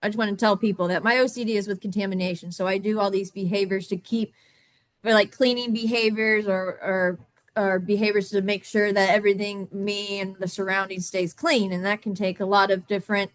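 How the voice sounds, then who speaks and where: A woman in her thirties speaking on a video call, telling her own story in a halting way with many restarts and repeated words. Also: mid-range voice, no room sound. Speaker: summit guest speaker. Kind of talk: candid personal storytelling.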